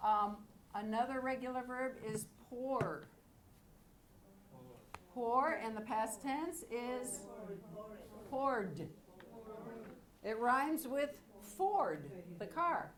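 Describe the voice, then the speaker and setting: Slow, clear ESL teacher woman. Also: on the high side, crowd noise. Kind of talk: classroom teaching. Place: classroom.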